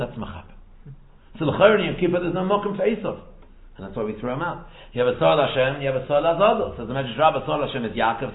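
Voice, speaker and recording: A man giving a lively Torah lecture in English mixed with Hebrew and Yiddish terms, firing rhetorical questions and repeating phrases. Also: on the high side. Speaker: rabbi teaching Torah. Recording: echoey room over a tinny phone-like line.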